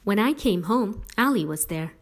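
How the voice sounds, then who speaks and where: A woman narrating a first-person story in a low-key, even way. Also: moderate pace.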